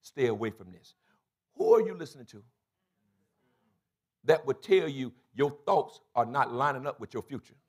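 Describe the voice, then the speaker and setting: A man in his sixties preaching a sermon as pastor, telling stories and repeating phrases for emphasis, swinging between quiet asides and loud exclamations. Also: medium pitch, lively intonation, normal speed, long pauses. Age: 60s.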